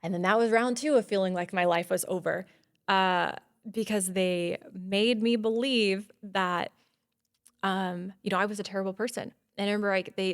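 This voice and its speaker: A woman in her thirties is a guest on a podcast and tells a story, acting out the dialogue. She grows loud and high when she gets excited. The audio is studio quality, with no room sound.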